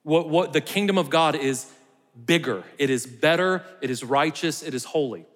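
A man's voice: on the high side, normal speed, long reverb tail. A man preaching a conversational sermon, sometimes dropping to a near whisper for emphasis. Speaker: pastor.

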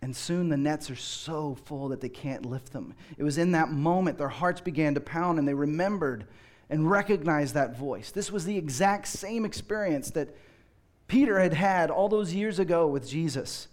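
A man preaching a sermon in an earnest way, often slowing down and dropping quiet to stress a point. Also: a little high. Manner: earnest, slows down and drops quiet for emphasis. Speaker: pastor.

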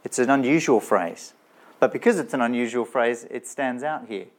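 A man's voice: mid-range voice, moderate pace. A man preaching a sermon in a church, talking in a conversational way and asking his listeners rhetorical questions. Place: church with slides shown.

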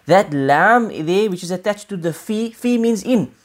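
A woman giving a religious lesson, explaining scripture in a measured way and repeating key points for emphasis. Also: mid-range voice, expressive. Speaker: Quran teacher.

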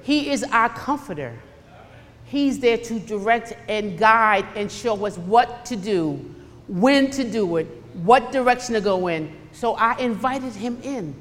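A woman preaching a sermon, emphatic and animated, swinging between loud bursts and hushed asides. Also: on the high side, a little slow, big-room sound.

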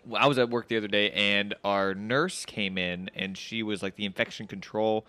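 A man's voice: on the low side, steady tone, moderate pace, bright, forceful tone, clear, resonant tone, dry recording. Rambling man podcast host. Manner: rambling, filler-heavy, anxious. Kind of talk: casual chat.

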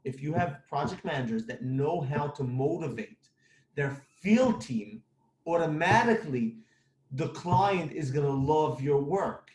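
A man's voice: fairly high pitch, expressive, a little slow, darkish tone, roomy sound. A man who runs a construction company giving blunt, emphatic business advice, repeating his points.

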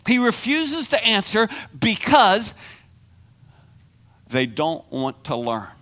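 A man giving a conversational sermon as pastor, animated and acting out the voices in the story. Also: extremely high pitch, takes it slowly.

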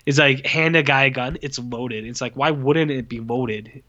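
A man co-hosting a podcast, casually reviewing a film with a lot of swearing and flat mocking quotes of its dialogue. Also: medium pitch, fairly quick, few pauses, highs cut off. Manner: profane, exasperated, mocks lines in flat voices. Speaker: podcast co-host. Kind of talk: casual movie review chat.

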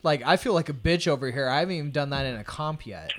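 A man's voice: a little high, fast, a little hiss or hum. Hyped male powerlifter podcast co-host. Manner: animated, hyped storytelling, swearing. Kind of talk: casual chat.

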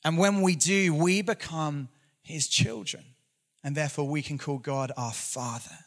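A man's voice: fairly high pitch, measured pace, fairly bright tone. A man, preaching a conversational sermon with earnest storytelling and some self-deprecating humor.

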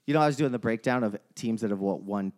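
A man's voice: fairly low pitch, quick pace, darkish tone. A man co-hosting a casual sports podcast, ranting his hot takes with plenty of swearing and trailing off mid-sentence. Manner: rambling, restarts mid-sentence. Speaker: podcast co-host.

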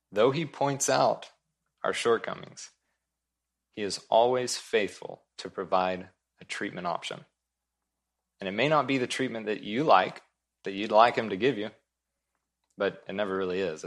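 Earnest low-voiced male pastor preaching. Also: unhurried, long pauses. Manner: earnest, emphatic, repeats key points. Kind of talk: sermon.

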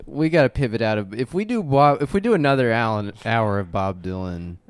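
Podcast co-host, a man who rambles and laughs his way through bits, mid-pitched. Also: lively intonation, a little fast, clean tone, no echo. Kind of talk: casual comedy chat.

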